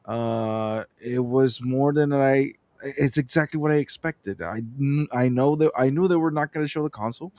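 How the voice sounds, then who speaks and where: A man co-hosts a gaming podcast livestream and gives his opinions in a rambling, halting way. His voice sits at an ordinary pitch, recorded dry and close with no room sound. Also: mellow, no echo. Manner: rambling, many fillers and restarts. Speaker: podcast co-host. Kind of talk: casual livestream chat.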